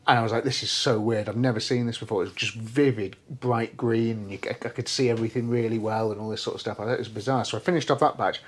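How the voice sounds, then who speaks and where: A man's voice: mid-range voice, fast, hardly any pauses. A young man co-hosting a podcast, telling a story in casual chat, swearing freely and acting out what people said. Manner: animated storyteller, swears freely, acts out quoted speech. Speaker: podcast co-host.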